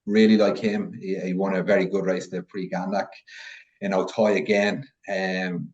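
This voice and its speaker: A man on a racing podcast panel, giving his views in a relaxed, hesitant way with lots of ums. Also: low voice, moderate pace. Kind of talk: casual betting chat. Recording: slightly dull, muffled sound.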